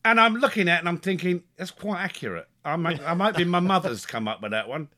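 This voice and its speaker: Lively, bright-voiced storyteller man. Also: high voice, quick pace. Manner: animated, chuckling, repeats words when excited. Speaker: podcast co-host. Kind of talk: comic storytelling in casual chat.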